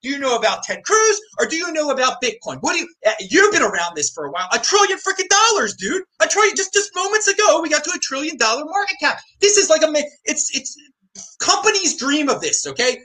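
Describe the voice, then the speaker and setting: A man hosting an excited live stream, loud and fast-talking. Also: extremely high pitch. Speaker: host.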